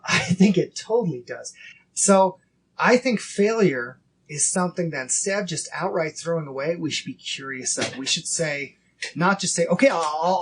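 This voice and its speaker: A man in his thirties hosting a casual faith podcast, earnest and acting out inner dialogue in quick quoted bits. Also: high voice, a little hiss or hum. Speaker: podcast host.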